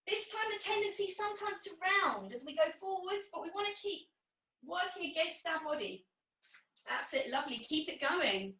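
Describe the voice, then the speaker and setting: Guiding a group through pilates, a woman with a bright, high-pitched voice calls out each breath in a supportive tone. The mic is distant and the room is echoey.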